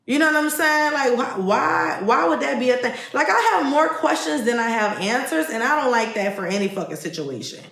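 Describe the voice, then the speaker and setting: A woman's voice: on the high side, lively intonation, a little fast, gravelly, few pauses, fairly bright tone, roomy sound. A woman hosting a podcast livestream, ranting bluntly and profanely about the news. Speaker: podcast host. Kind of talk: casual livestream commentary.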